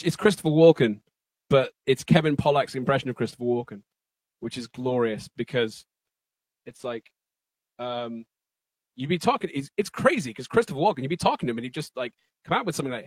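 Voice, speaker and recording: A man's voice: medium pitch, brisk, no room sound, clean studio sound. Playful, laughing man telling stories. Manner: playful, rambling, laughs often. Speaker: musician guest. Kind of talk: comic chat with impressions. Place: basement venue.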